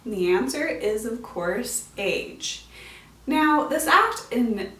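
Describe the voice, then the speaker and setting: A bright, fairly high-voiced woman explains classic literature with bubbly enthusiasm and casual slang. She sounds a little distant from the mic, and the room adds a noticeable echo. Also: expressive, slow. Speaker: host of a literature explainer show. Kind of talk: upbeat educational vlog talk.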